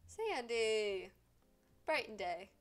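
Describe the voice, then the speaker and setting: A woman streaming a life-sim game, excitably scolding the characters and swearing freely in casual commentary. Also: a little high, very slow. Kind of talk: casual live gameplay commentary.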